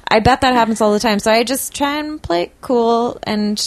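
A woman's voice: fairly high pitch, moderate pace, dry recording. A woman chatting on a podcast, wry and jokey, laughing between lines. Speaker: podcast co-host. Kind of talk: casual chat.

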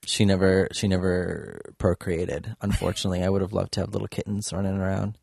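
Low-voiced man chatting casually. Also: a little fast, vocal fry, no room sound. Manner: relaxed, rambling with many fillers. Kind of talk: casual chat.

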